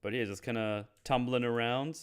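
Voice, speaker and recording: A man hosting a casual film review chat, laughing often and acting out characters in quick voices. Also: mid-range voice, steady tone, clear, resonant tone. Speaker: podcast host.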